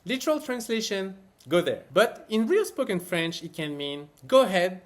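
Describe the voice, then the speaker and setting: A man teaching everyday French phrases in a scripted lesson. His voice sits a little high for a man and swoops through a wide, animated range. He leans on key words with expressive emphasis. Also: moderate pace.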